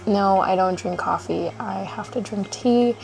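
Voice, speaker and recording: A woman's voice: mid-range voice, a little slow, gravelly, a little mellow. A woman in her twenties chatting casually at home in a vlog, rambling with lots of likes and little laughs. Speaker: vlogger.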